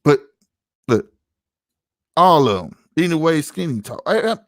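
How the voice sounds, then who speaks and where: A man's voice: on the high side, very animated, a little slow, no echo, studio quality. Slangy St. man chatting on a podcast. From St. Louis, USA. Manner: slangy, storytelling, lots of "you know what I'm saying". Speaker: podcast host. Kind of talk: casual podcast chat.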